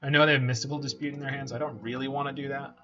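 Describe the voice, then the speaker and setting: A man's voice: medium pitch, little pitch movement, racing. Chatty Canadian man narrating his game. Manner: chatty, thinks out loud, jokes. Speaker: game streamer. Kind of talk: casual gameplay commentary. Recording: slightly muffled with faint hiss.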